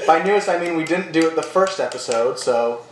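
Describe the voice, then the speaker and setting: A man's voice: on the high side, expressive, a little fast. A young man hosting a casual podcast, talking with many restarts and fillers while stalling for time. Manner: hesitant, lots of restarts and stalling. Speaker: podcast host. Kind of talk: casual chat. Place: apartment room. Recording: echoey room, faint noise.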